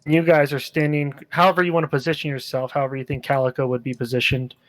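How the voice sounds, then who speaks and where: A man narrating a tabletop game as game master, in a relaxed, rambling way with many fillers. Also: medium pitch, fast, rough recording.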